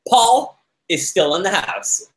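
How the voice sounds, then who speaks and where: A man's voice: sits high, big pitch swings, takes it slowly. Laid-back young man in a roomy echo. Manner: laid-back, laughing, playful asides. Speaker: show host and former houseguest. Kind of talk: casual recap chat.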